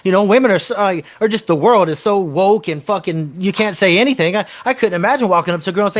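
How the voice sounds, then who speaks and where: A man with a fairly high voice chats casually, speaking frankly and swearing freely. He keeps asking rhetorical questions, and the sound is dry and close. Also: fast, few pauses, no echo. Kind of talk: casual chat.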